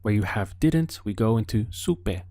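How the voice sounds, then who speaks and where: A man leads an audio language lesson at an unhurried, careful pace, giving the listener room to answer. His voice sits a little low. The recording is close and dry, with no room sound. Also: lively intonation, dark tone, dry recording. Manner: slow, patient prompting with pauses for the learner. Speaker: language teacher.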